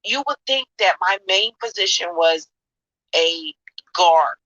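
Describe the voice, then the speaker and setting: A woman's voice: lowish voice, expressive, slow pace, bright, forceful tone, no echo, lo-fi sound. A woman in a casual chat, telling stories in an emphatic, playful way. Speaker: chat room participant.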